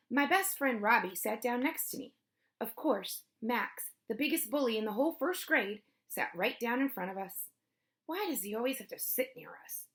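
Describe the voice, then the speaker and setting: Woman reading a children's story aloud. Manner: lively, pitching up for kids' voices and dropping low for narration tags. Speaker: storybook reader. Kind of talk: children's read-aloud with character voices.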